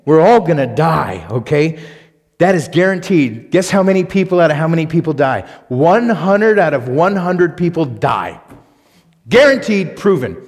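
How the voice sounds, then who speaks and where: A male pastor preaching a sermon and reading scripture aloud, emphatic, swinging between loud punched lines and quiet asides. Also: fairly high pitch, sing-song, normal speed, long reverb tail. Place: church sanctuary.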